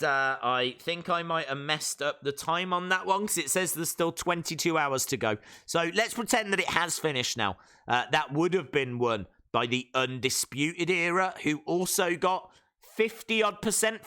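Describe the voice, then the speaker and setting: A man talks casually into a desk mic on his live stream. His voice sits high and swings widely in pitch, with a bright, forceful edge. He sounds chatty and excitable, thinking out loud to his viewers. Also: clean tone. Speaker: live stream reaction host.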